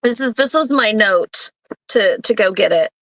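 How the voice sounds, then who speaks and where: A woman's voice: mid-range voice, animated, moderate pace, fairly bright tone, dry recording, poor audio. A middle-aged woman co-hosting a casual podcast, chatting and joking with her live chat. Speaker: podcast co-host.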